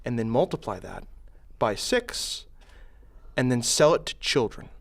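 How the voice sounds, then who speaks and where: A young male student debater giving a sardonic, joking pitch against a film. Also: big pitch swings, a little slow. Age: young adult. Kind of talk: comic argument.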